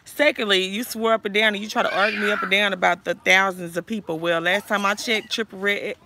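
Woman livestreamer, bright tone, foul-mouthed and confrontational, heated callout rant into a phone. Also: mid-range voice, steady tone, fast talker. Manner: profane, confrontational, calls out viewers directly. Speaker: livestream host.

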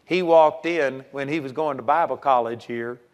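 A man preaching a sermon in a folksy, animated way, swinging between loud punches and quiet asides. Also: mid-range voice, moderate pace.

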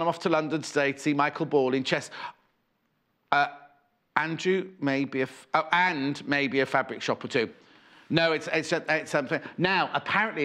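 Chatty, lively man presenting on TV. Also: fairly high pitch. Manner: chatty, rambling, reads out viewer messages. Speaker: shopping channel presenter. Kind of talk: live TV selling chat. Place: TV studio. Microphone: earpiece and presenter mic.

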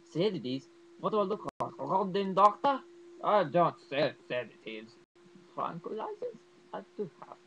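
Man impersonating a cranky old doctor, shouty, indignant, high yelping voice, comic impression. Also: huge pitch swings, moderate pace, muffled recording, slight background noise, exaggerated voice. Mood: exasperated. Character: cranky older male doctor from a gory film. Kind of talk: comic impression of a movie character.

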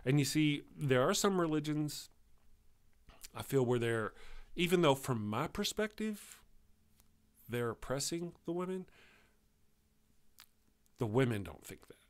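A man's voice: on the high side, animated, a little slow, long pauses. A man hosting a live stream show, talking in a chatty, rambling way and often correcting himself.

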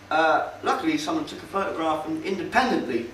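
Here his voice sits a little high and a bit bright, moving at a moderate pace. He chats sardonically to a meeting-hall audience, pausing with fillers as he goes. The mic is far away in a roomy space, with faint background noise.

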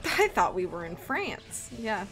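A young woman chatting casually on a live stream while playing a game, bubbly and excitable. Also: mid-range voice, measured pace. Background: faint game music.

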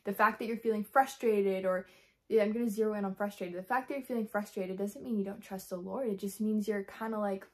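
Soft, halting, and full of fillers, a woman's medium-pitched voice carries a tired, worn quality. She's a faith vlogger opening up candidly in a personal video.

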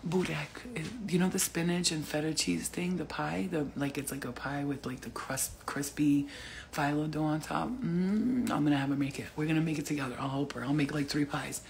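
A woman's voice: deep voice, moderate pace, gravelly, darkish tone, slight background noise. A woman, a spiritual healer and retreat host, chatting casually and effusively on a livestream from home at night, rambling and swearing. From Albanian family.

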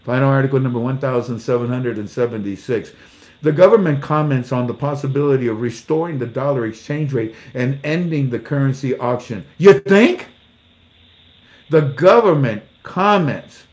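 A man with a brisk, mid-range voice gives casual commentary on news articles, reading them out and ridiculing them sarcastically. He acts out small exchanges and laughs at his own jokes.

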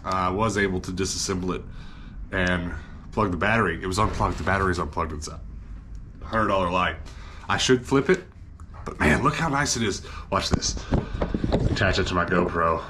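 A man's voice: low-pitched, moderate pace, long pauses, background noise. A man chatting casually in a home vlog, talking to camera and to a small child as he sets up game gear. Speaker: vlogger.

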